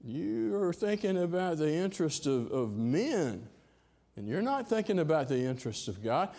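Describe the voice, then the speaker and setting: A stern male teacher who rebukes his follower forcefully, as a preacher voices him. The pitch sits a little above a man's usual range, and the tone is firm.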